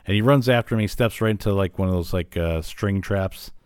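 A man with a lowish voice recaps an old cartoon for his podcast, rambling along with plenty of "uh"s and "like"s. He grew up in Illinois. The sound is dry and close, with almost no room around it. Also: fairly quick, a little mellow, clean tone, dry recording. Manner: rambling, filler-heavy retelling. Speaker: podcast host. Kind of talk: casual recap of a cartoon episode.

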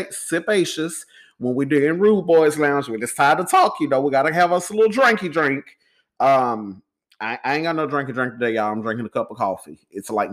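Here the podcast host's slightly bright voice sits on the high side. His voice wavers with emotion as he tells y'all about a personal loss in loose, casual, rambling talk.

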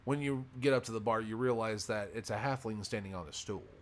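A man's voice: fairly low pitch, a little fast. A man narrating as game master in an online tabletop game, rambling with many fillers and self-corrections. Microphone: voice call.

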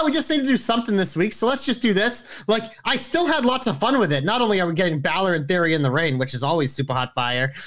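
Fast-talking, high-voiced excitable man. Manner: fast, excitable, swears freely. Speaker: podcast co-host. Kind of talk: casual wrestling chat.

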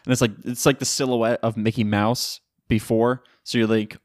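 A man's voice: medium pitch, little pitch movement, normal speed, no room sound, clean studio sound. A young man from Florida hosting a casual solo podcast from home, joking and swearing in slangy chat. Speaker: podcast host. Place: home room by a window in a hurricane.

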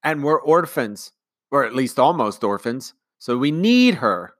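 A man's voice: mid-range voice, big pitch swings, a little slow, voice pushed up. A man voicing an indignant young boy twin in a storybook read-aloud. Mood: outraged.

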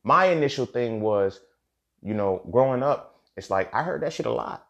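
A man's voice: medium pitch, lively intonation, moderate pace. A young man hosting his own podcast, talking bluntly and with plenty of profanity. He repeats lines for emphasis and keeps checking in with "you feel me.". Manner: frequent "you feel me" asides. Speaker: podcast host. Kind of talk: candid solo podcast monologue.

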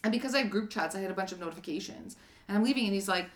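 A woman's voice: mid-range voice, rapid-fire. A woman, probably in her thirties, co-hosting a podcast and telling a dating story with many fillers and acted quotes. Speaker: podcast co-host. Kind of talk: casual chat.

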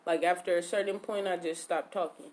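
A woman on a podcast tells a story in a slightly low voice, casual and slangy, with swearing and a steady stream of "like." Her talk is loose and conversational, with many reported exchanges. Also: brisk. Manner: slangy, profane, lots of 'like' and quoted speech.

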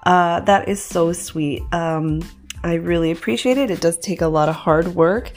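A woman's voice: fairly low pitch, normal speed, a little mellow. A woman hosting a podcast in casual chat, talking in a loose, chatty way with many fillers and restarts. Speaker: podcast host.

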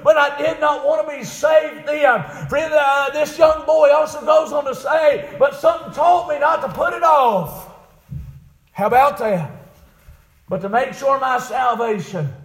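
Preaching a fiery revival, a man moves from low murmurs to long, shouted cries. The room sounds echoey.

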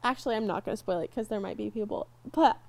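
A young woman co-hosting a casual podcast, animated and quick to laugh, easily moved while telling a story. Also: medium pitch, creaky. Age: young adult. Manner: animated, laughs easily, gets teary and emotional. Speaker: podcast co-host. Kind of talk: casual chat.

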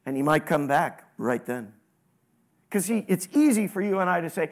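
A man preaching a sermon, with sudden rises in pitch and volume and questions to the congregation. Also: expressive, normal speed. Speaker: pastor.

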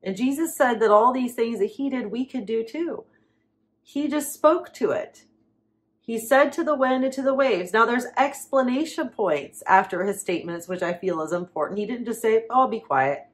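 A woman preaching, reading Bible verses aloud with slow emphasis and dramatic pauses. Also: a little high, lively intonation.

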